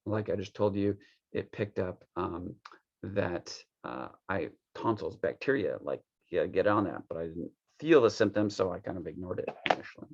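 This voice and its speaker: A man's voice: deep voice, normal speed, dull audio. A man casually walking through a wellness device demo, rambling loosely with plenty of fillers and restarts. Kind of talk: casual unscripted product walkthrough.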